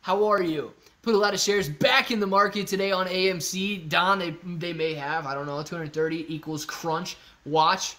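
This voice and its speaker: Male streamer, slightly high pitch, casual and joking, reads chat aloud. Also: steady tone, normal speed, few pauses, sharp tone. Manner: joking, loose, talks to chat by name. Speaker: livestream host. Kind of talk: casual livestream chat reading comments. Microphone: phone used as webcam.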